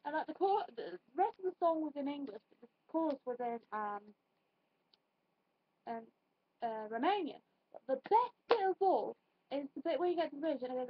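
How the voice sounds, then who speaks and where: Giggly high-voiced woman vlogger. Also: lively intonation, fairly quick, dry recording, lo-fi sound. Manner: chatty, giggly, rambling with many fillers. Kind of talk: casual tag video chat.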